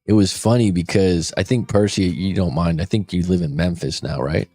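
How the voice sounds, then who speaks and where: A man's voice: deep voice, moderate pace, dark tone, no room sound, soft background music. A man in his forties, a life coach hosting a show, talking casually and bluntly, swearing freely. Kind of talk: casual podcast talk.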